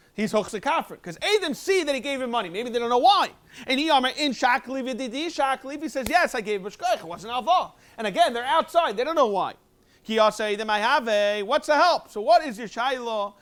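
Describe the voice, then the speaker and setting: A man, a rabbi teaching a Talmud review class and explaining in a quick, animated way. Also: very high-pitched. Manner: quick, animated explaining with sudden emphatic jumps. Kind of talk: Talmud lecture, English mixed with Hebrew and Aramaic terms.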